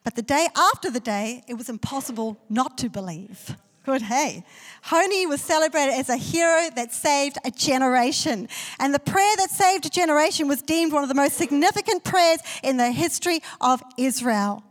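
A woman pastor preaching a story-driven sermon that swells into loud, declaring prayer. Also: high voice, lively intonation, moderate pace, hardly any pauses. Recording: long hall reverb.

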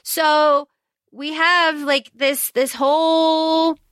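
Bright high-voiced woman podcaster. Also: flat delivery, extremely slow, dry recording. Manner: frank, swears freely, acts out lines from the book. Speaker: podcast co-host. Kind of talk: casual book discussion chat.

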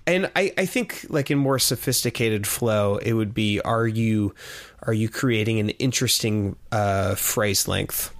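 Lower-voiced male co-host, rambling explainer, casual podcast talk. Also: unhurried. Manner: rambling, thinks aloud, many fillers and restarts, laughs easily. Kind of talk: casual chat reviewing an album.

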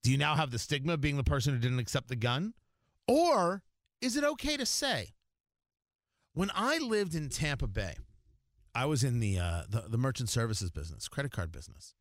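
A man's voice: mid-range voice, very animated, quick pace, dry recording, studio quality. A man hosting a morning radio show in a casual, jokey way, rambling with lots of fillers and restarts. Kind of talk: casual talk radio chat.

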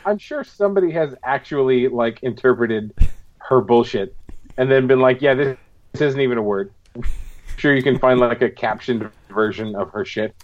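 A man co-hosting a podcast in loose casual chat, swearing freely and telling animated stories. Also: mid-range voice, normal speed, lo-fi sound. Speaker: podcast co-host.

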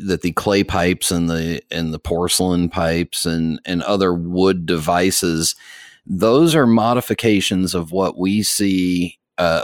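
Low-voiced man talking pipe history. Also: no echo, clean studio sound. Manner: rambling, self-deprecating joker. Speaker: podcast co-host, pipe tobacco expert. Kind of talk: casual podcast chat.

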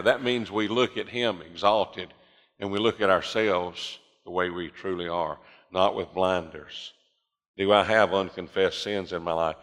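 Older preacher in a reverberant church hall. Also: male voice, on the low side, a bit bright. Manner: preaching with rising fervor, voicing listeners' objections. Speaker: pastor. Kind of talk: sermon. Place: church sanctuary.

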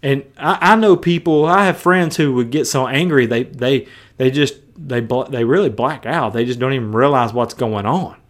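A man's voice: mid-range voice, moderate pace. A male preacher giving a sermon, emphatic and conversational, mixing scripture with colloquial asides.

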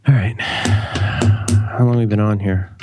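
Animated rambling middle-aged man. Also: slow pace, music in the background. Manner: animated, rambling, jokey, with sudden high leaps. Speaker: podcast co-host reading an ad. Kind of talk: casual podcast chat.

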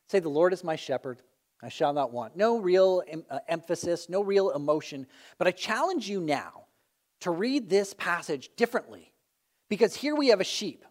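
A man gives a sermon in an easygoing, conversational way. His voice sits a bit high. He is animated and slips in light jokes as he teaches. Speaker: preacher.

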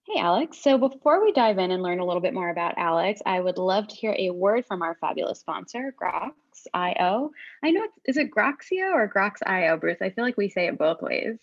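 A woman's voice: medium pitch, expressive, a little fast, dull audio. A woman hosting a podcast, introducing the panel and guest in an upbeat, enthusiastic way. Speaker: podcast host. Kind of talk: casual podcast chat.

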